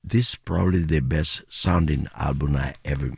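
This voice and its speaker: An older man who grew up speaking tells stories animatedly in a radio interview, often laughing and jumping up into high acted quotes. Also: moderate pace, vocal fry, slightly rough, no room sound, clean studio sound. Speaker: interview guest, musician.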